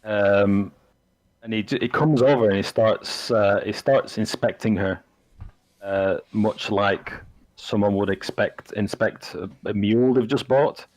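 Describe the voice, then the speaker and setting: A man narrating as game master of a tabletop game, in a halting way with frequent restarts. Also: on the low side, a little mellow, low-quality recording. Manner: halting, full of fillers and restarts.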